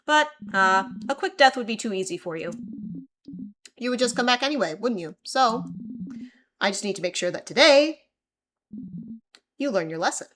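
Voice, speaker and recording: Woman doing a low, taunting villain king. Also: expressive, fairly bright tone. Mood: cruel. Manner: slow, taunting, cruel. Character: menacing gloating male king villain.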